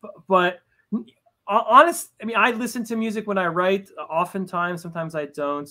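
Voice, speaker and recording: A man's voice: high-pitched, steady tone, fairly quick, bright, forceful tone. A man chatting as a writer guest in an interview, with lots of stammered restarts and a self-deprecating way of talking. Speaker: comic book writer as guest. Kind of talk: casual interview chat.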